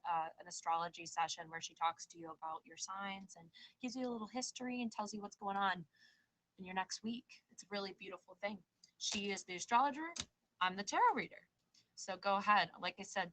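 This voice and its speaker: A woman's voice: medium pitch, fairly bright tone, slight background noise, rough recording. A woman hosting a live tarot show, chatting casually and reassuring her guests, calling them babe and girl. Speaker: tarot reader and show host. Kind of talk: casual live-stream chat and tarot reading.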